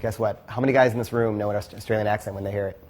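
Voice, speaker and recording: A man giving blunt, quick coaching feedback to a class, swearing freely. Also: fairly low pitch, steady tone, a little mellow, slight background noise. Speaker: pickup coach.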